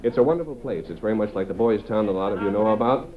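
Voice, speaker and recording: A man's voice: lowish voice, animated, very fast. A man hosting a live late-night TV show, chatty with wry asides. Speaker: TV talk show host. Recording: dull TV-set recording with audience.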